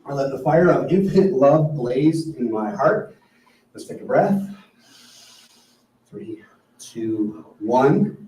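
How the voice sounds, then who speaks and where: A man's voice: medium pitch, expressive, slow pace, pauses often, dark tone. A man who is a minister, delivering a sermon and leading a prayer with an earnest manner. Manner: earnest, leads the congregation in affirmation. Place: church sanctuary. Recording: roomy, distant mic in a church hall with faint music.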